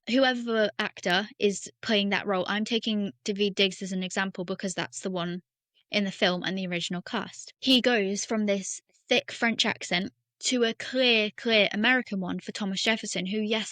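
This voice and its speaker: A woman's voice: medium pitch, steady tone, normal speed, a bit bright, no room sound. Woman explaining things on a podcast. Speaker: podcast co-host. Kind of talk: casual chat.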